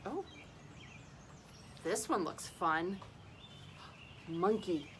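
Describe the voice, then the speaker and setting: A woman's voice: fairly low pitch, expressive, drawn-out words, fairly bright tone, slight background noise. A woman leading a playful yoga lesson for young children, speaking in a sing-song way. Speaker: early childhood educator leading kids' yoga.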